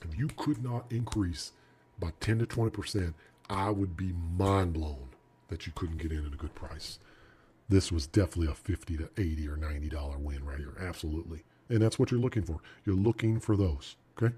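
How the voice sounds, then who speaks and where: A man teaching a trading lesson over charts, animated and emphatic, talking straight to the viewer. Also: low voice, fairly quick, breathy edge. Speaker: trading instructor.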